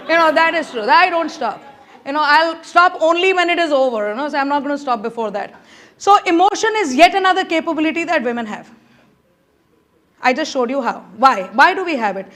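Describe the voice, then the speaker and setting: A middle-aged woman speaks to a conference audience in a high, bright voice. She delivers a motivational speech with animated energy, coaxing her listeners again and again to join in. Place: conference room.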